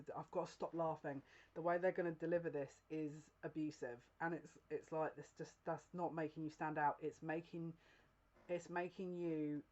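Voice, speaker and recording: A woman's voice: deep voice, a little mellow. A woman reads for her viewers in a casual, confiding tone of voice. She keeps breaking into giggles and restarting her sentences. The home recording sounds a little dull. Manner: earnest, confiding, direct address to viewer. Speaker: psychic reader. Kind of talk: casual tarot-style general reading to camera.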